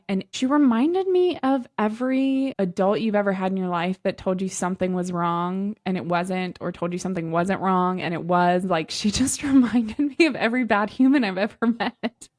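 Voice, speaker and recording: A woman co-hosting a podcast in casual chat, animated and chatty, laughing often. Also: mid-range voice, moderate pace, few pauses. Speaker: podcast co-host.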